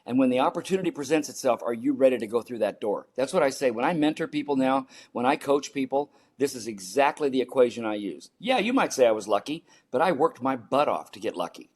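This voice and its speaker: An older man from the United States, a performance coach, telling lively stories in an interview and acting out his own reactions. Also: mid-range voice, quick pace, hardly any pauses. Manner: animated storyteller, acts out his own panicked voice. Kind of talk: storytelling interview talk.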